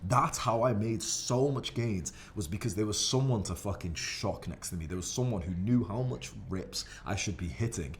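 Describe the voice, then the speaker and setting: A man casually telling gym stories to camera in a profane, rambling, animated way. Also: on the low side, moderate pace, few pauses, slight background noise. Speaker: fitness vlogger.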